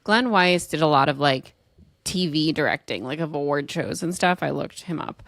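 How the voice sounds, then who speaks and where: Excitable woman podcast host, dry sound. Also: deep voice, normal speed, gravelly, no room sound. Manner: excitable, swears and laughs often. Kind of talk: casual chat.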